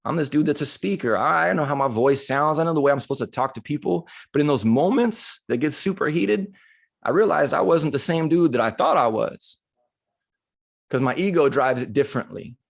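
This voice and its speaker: Animated male motivational speaker. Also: a little high, moderate pace, gravelly, breathy edge. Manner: animated, conversational, emotional storytelling. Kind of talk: motivational talk with storytelling. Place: live retreat session.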